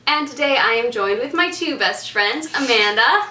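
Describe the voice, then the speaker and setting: A woman's voice: fairly high pitch, lively intonation, normal speed, pushed and bright, far from the mic. A young woman hosting a casual chat with friends, giggly and chatty. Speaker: host. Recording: roomy sound from a camera across the room.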